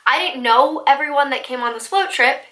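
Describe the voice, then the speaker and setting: High, bright-voiced woman telling a story. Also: brisk, low-quality recording. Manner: excitable and animated, many likes, laughs often. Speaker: vlogger. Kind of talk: storytime vlog.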